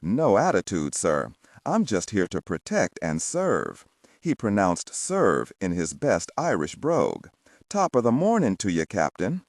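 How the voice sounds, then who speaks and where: A world-weary police sergeant, voiced by a male narrator, answers curtly and with sarcasm. His voice is low, dry and close. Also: huge pitch swings, a little slow, no echo, exaggerated voice. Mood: sarcastic. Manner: curt, sarcastic.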